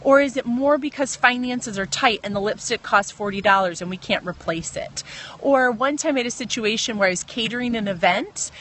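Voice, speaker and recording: A woman's voice: fairly high pitch, animated, fairly quick, fairly bright tone. A woman in her thirties giving a casual devotional talk on a phone livestream, earnest and chatty, stopping to answer viewer comments. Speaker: Christian livestream host.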